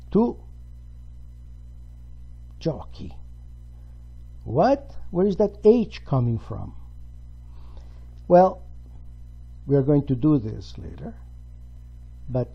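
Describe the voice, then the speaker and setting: Slow husky teacher. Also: male voice, medium pitch, dull audio. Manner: patient, explains step by step. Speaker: Italian language teacher. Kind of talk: grammar lesson.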